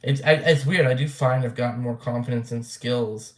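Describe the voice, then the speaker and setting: A man's voice: medium pitch, steady tone, normal speed, echoey room, slight background noise. A young man ranting casually on his vlog, blunt and rambling, swearing freely and full of fillers. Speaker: vlogger. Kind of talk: casual rant to camera.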